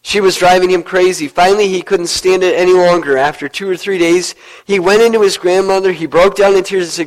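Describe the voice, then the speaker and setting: Earnest preacher with a higher voice. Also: male voice, steady tone, moderate pace, rough recording. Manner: earnest, storytelling preacher who drops low to stress points. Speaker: pastor. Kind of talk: sermon.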